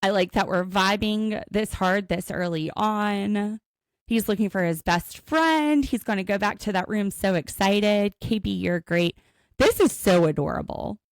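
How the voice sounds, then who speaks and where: Gravelly woman recapping a show. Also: medium pitch, unhurried, dry recording. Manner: animated storytelling, acts out quotes. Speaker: podcast co-host. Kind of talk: casual recap chat.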